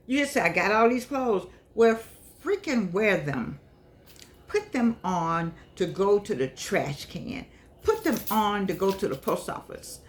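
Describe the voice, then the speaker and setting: Older woman vlogger, mid-pitched, talks slightly unclearly from missing teeth, chatty monologue that turns scolding and repeats itself. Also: normal speed. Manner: chatty, scolding, repeats herself, animated rises. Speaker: vlogger and author. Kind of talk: casual monologue to camera.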